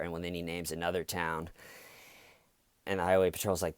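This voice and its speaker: Low-voiced man telling a story, dry sound. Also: fairly even intonation, brisk, clear, resonant tone, no echo. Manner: rambling, many restarts and self-corrections. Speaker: channel host. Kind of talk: casual storytelling commentary.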